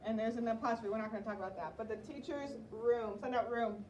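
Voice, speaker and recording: A woman teaching a writing lesson to young children, sounding out words slowly in a classroom. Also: fairly high pitch, fairly even intonation, warm tone, muffled recording. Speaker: elementary school teacher. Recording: roomy, distant classroom mic with background noise.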